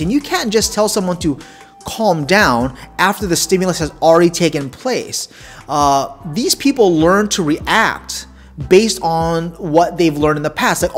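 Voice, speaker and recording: Male podcast host, casual explainer, wry and emphatic, faint music behind. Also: high-pitched. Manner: conversational, wry, emphatic asides. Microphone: desk condenser mic.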